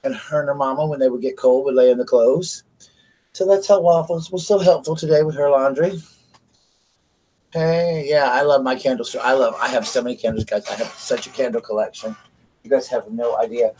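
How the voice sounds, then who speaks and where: A man's voice: medium pitch, fairly even intonation, brisk, a little mellow, slightly rough, low-quality recording. Chatty man live-streaming. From South Carolina, USA. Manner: rambling, chatty, talks straight to viewers. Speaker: vlogger. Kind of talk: casual live-stream chat. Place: home bedroom at night.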